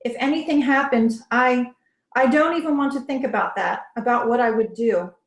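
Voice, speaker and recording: A woman's voice: fairly high pitch, normal speed, lightly acted. A woman reading the lines of a brooding young man who pleads with his partner not to take a risk, in an earnest, pleading way. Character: brooding young man, worried and protective lover. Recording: roomy echo.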